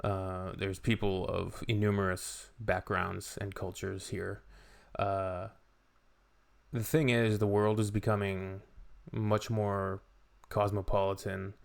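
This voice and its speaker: Canadian man, low gravelly voice, opinionated reaction commentary, casual. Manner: chatty, opinionated, frequent fillers. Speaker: reaction video host.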